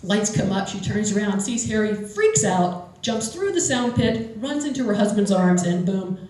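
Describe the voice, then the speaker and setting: A woman telling a story live at a storytelling event, animated and often laughing as she talks. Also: medium pitch, normal speed. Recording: very echoey room.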